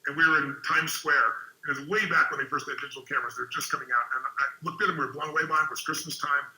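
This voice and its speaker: Fast, bright-voiced man speaking energetically. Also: on the high side, echoey room, poor audio. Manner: energetic and emphatic, quick storytelling. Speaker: host and relationship speaker. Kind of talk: webinar talk with storytelling.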